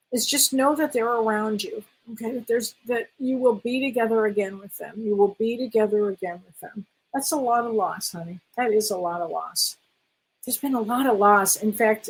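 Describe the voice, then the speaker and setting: This middle-aged woman, a spiritual medium, has a husky, medium-pitched voice on a low-quality recording. During a casual live-stream question session she reads out viewers' comments with warmth and affection, calling them honey.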